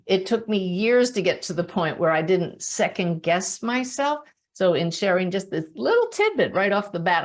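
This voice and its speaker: Webinar host, female medium, lowish voice, chatty storyteller who laughs at her own tales. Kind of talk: monthly webinar talk, storytelling.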